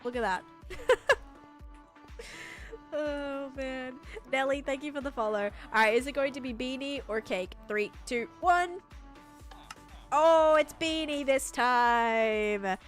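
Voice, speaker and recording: A woman's voice: sits high, fairly even intonation, unhurried, long pauses, a bit bright, faint music behind. A woman with an Australian accent, live-streaming a building game and chatting casually with her viewers as she plays. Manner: chatty, talks to chat while building. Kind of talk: casual live-stream chat while playing.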